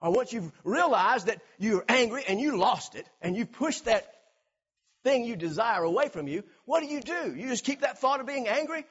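A man preaching a sermon, animated, acting out everyday scenes and repeating words for emphasis. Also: very high voice, normal speed, slightly rough, lo-fi sound. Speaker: pastor.

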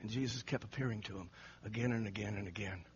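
A man preaching an animated sermon, telling the story dramatically and acting out the quotes with frequent laughter. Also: on the low side, fast talker, a little hiss or hum. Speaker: pastor. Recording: muffled lo-fi recording.

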